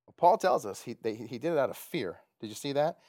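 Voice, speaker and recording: A man's voice: mid-range voice, fairly quick, no room sound, clean studio sound. A man preaching a casual sermon, retelling a Bible story with jokes and acting out the quoted lines. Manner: animated, joking, acts out quoted lines. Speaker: pastor.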